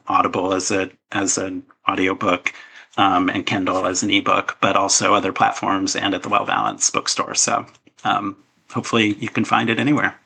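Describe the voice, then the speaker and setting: A man's voice: deep voice, creaky, bright, forceful tone, poor audio. A man speaking as an author guest in an interview, earnest and a little hesitant, with many fillers and restarts. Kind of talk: casual interview talk.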